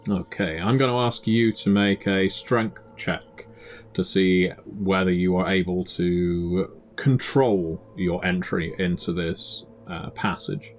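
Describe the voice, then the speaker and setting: A man narrating a tabletop game as game master, describing scenes in a measured way with the odd filler. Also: deep voice, fairly even intonation, soft background music.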